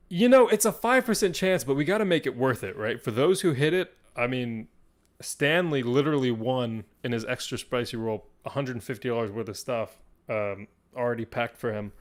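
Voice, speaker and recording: A young man hosting a live stream as game master, swinging between hushed, suspenseful fantasy narration and excited chat with viewers. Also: mid-range voice.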